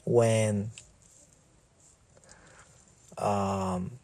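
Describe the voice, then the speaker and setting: A man's voice: fairly low pitch, flat delivery, drawn-out words, dark tone, a little hiss or hum. A middle-aged man ranting in a vlog, stammering, swearing and repeating himself. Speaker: vlogger. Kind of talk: profane ranting monologue.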